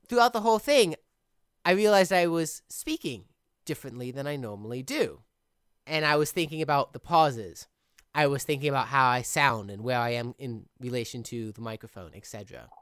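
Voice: mid-range voice, fairly bright tone, dry recording, clean studio sound. A podcast host who edits the show, chatting casually in long, reflective run-on thoughts. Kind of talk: casual chat.

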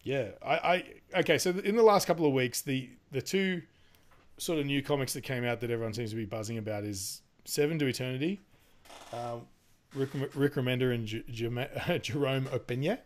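A man's voice: mid-range voice, normal speed. A man in casual podcast chat, rambling with lots of fillers, laughing and swearing as he talks. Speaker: podcast co-host.

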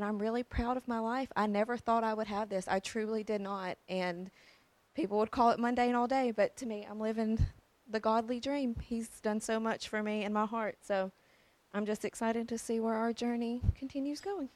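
A woman's voice: on the high side, fairly even intonation, normal speed, a little mellow, dry recording. A young woman telling her personal faith story in a casual, earnest way, with frequent fillers and restarts.

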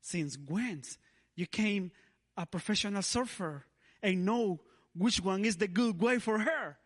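A man's voice: high-pitched, measured pace, big-room sound, voice pushed up. A man quoting his wife as she teasingly questions him, in a sermon. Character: skeptical wife, adult woman, teasing.

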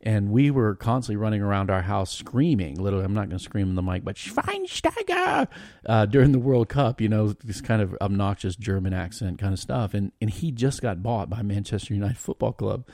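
Gravelly-voiced man telling a story. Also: lowish voice, fairly quick, few pauses, no room sound, studio quality. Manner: rambling and animated, frequent restarts. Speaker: podcast guest. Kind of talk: casual storytelling chat.

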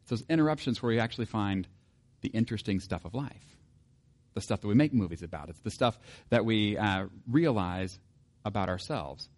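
A pastor preaching a sermon in a conversational way, often putting rhetorical questions to the congregation and reading scripture aloud. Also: male voice, lowish voice, lively intonation, normal speed, a little mellow.

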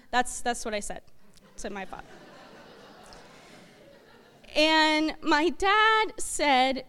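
A woman giving a talk to her church congregation, halting and full of fillers. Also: high-pitched, animated, a bit bright. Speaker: church speaker. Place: church hall. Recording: echoey hall reverb.

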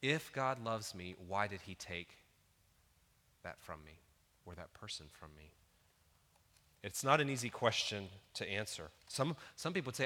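A man's voice: fairly low pitch, sing-song, unhurried, pauses often, bright, forceful tone, in a large hall. A man in his thirties preaching a sermon in an earnest, conversational way, building to emphatic peaks. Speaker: pastor.

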